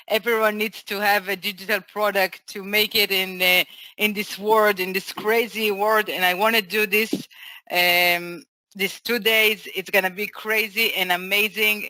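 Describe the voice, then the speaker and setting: A woman's voice: medium pitch, pushed and bright, no echo. A woman co-hosting a webinar, speaking English as a learned language in plain, eager phrases over a video call. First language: not English. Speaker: co-host. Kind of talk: casual chat on a webinar.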